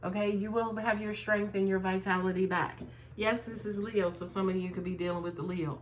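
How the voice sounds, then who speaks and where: A woman's voice: medium pitch, steady tone, normal speed, a little hiss or hum. A woman giving a casual tarot reading to viewers, talking in a chatty way and often tagging her sentences with "right?". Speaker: tarot reader.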